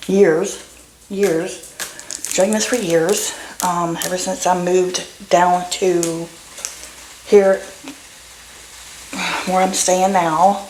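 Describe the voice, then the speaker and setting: A woman's voice: mid-range voice, slight background noise. A woman vlogging from her home kitchen, rambling and chatting casually to her viewers. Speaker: doll nursery vlogger. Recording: echoey kitchen.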